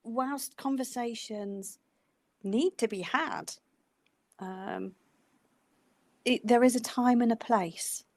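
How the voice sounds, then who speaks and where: A woman's voice: fairly high pitch, slow, long pauses, darkish tone, no echo. A middle-aged woman, a nurse co-hosting a podcast, talking casually in a rambling way with many fillers. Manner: rambling, says she goes off on tangents, many fillers. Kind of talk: casual advice chat.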